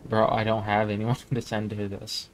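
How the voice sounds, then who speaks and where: A young man casually commenting on a game he plays, reading its text aloud in a low-key way. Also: completely flat delivery, moderate pace, a little hiss or hum. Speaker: gaming YouTuber. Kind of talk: let's play commentary.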